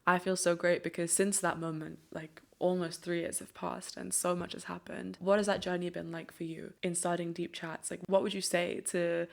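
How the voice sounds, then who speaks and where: A young woman hosts a casual podcast conversation and tells a personal story. She speaks in a fairly low, even voice that stays level. She fills her talk with "like" and acts out the dialogue she quotes. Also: normal speed, gravelly, hardly any pauses. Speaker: podcast host.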